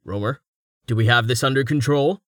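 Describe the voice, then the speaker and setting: A man plays a self-assured young captain in a fantasy audiobook. He talks briskly in a plain middle-pitched voice. The recording is dry and close. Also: a bit bright, no echo, lightly acted.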